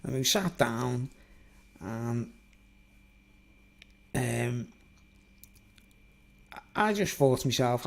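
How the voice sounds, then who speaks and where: A man recounts a personal story in a casual, meandering way. His speech is loose and full of fillers like "like" and "you know", and his voice sits at an ordinary middle pitch for a man. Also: lively intonation, drawn-out words, vocal fry, pauses often. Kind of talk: rambling spoken anecdote.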